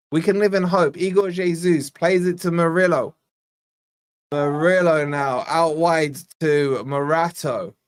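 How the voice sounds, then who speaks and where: A young man from Scotland hosting a live fan watch-along, giving exasperated, chatty play-by-play and reading out viewer shout-outs. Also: fairly high pitch. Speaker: fan channel host.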